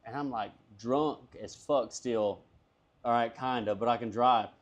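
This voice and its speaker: A man's voice: mid-range voice, a little slow, muffled recording. A man, a comedian guest, telling a long story casually, swearing freely and acting out everyone's lines. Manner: profane, animated, acts out dialogue.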